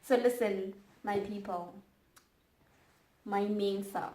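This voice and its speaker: A young South African woman co-hosting a casual chat, ranting in animated, emphatic repeats. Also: mid-range voice, slow pace. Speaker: co-host. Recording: echoey room.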